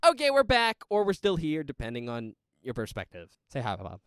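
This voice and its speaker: A man's voice: fairly high pitch, brisk, smooth, no room sound. Chatty man on a dry podcast mic. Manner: chatty, animated, laughs often. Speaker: podcast co-host. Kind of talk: casual movie chat.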